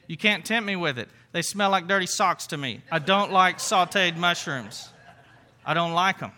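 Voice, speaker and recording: Speaking at a moderate pace, this high-voiced, bright-sounding man preaches casually as a pastor. His delivery is earnest, with repeated and restarted phrases, and he leans on simple everyday illustrations.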